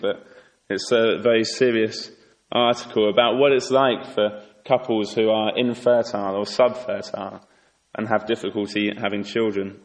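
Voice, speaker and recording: A man preaching a sermon in an earnest, exhorting way, asking rhetorical questions. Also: lowish voice. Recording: echoey hall with long reverb.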